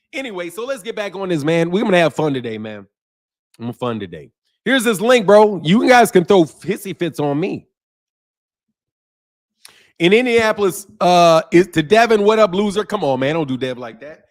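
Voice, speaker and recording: A man's voice: high voice, very animated, normal speed. A man from Chicago hosting a casual livestream, talking in loose slang, laughing often and imitating regional greetings. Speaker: boxing channel host. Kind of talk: casual livestream chat with viewers.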